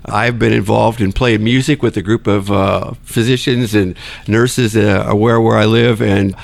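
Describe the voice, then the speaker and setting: Gravelly man giving folksy advice. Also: fairly low pitch, steady tone, measured pace. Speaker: podcast guest, nurse anesthetist. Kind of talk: casual interview chat.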